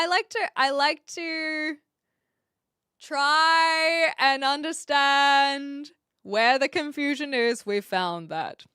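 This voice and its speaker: A woman's voice: high voice, pushed and bright, no echo, clean studio sound. A woman chatting casually on a live stream, reading viewer comments and correcting herself as she goes. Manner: chatty, self-correcting, talks through restarts.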